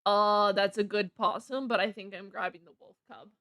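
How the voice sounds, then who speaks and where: A woman's voice: medium pitch, steady tone, moderate pace, fairly bright tone, dry recording, clean studio sound. A woman streaming a card game live, chatting casually and giggling often as she rambles. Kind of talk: casual live gameplay commentary.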